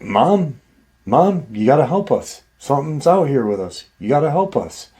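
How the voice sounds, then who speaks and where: Man putting on a scared kid crying for help, pleading, pitched well above his own voice. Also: big pitch swings, moderate pace, mellow, close to an everyday voice. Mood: panicked pleading. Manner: pleading, panicked. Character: frightened young boy calling for help.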